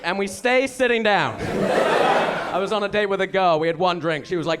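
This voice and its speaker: A young English man doing a stand-up comedy set, with deadpan punchlines and quick asides to the crowd. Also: high voice. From England. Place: comedy show venue. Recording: live set with loud crowd noise and laughter.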